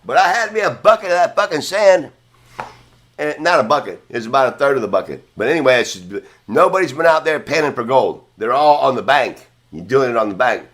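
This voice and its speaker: Man, podcast host, casual storytelling, profane, rambling, mid-pitched voice. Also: lively intonation, fairly quick, a bit bright.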